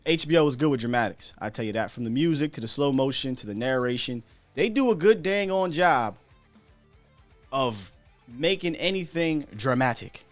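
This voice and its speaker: A man hosting a casual sports show, chatty and animated, often asking rhetorical questions and laughing at himself. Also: medium pitch, moderate pace, faint music behind. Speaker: sports podcast host.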